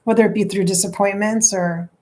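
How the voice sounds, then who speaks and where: A woman's voice: medium pitch, steady tone, brisk, darkish tone. A woman psychic medium on a live stream, relaying messages emotionally and dropping into whispered asides. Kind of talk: live-stream channeling session.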